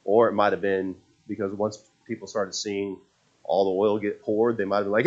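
A man preaching a sermon. He tells the story with animation, acts out the characters' words, and repeats and restarts phrases when he gets excited. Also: lowish voice, moderate pace.

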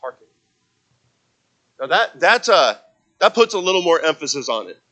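Guy preaching a sermon, kinda high voice, chatty, restarts words a lot. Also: very animated, normal speed, sharp tone, rough recording. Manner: conversational preaching, repeats words, acts out stories. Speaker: pastor.

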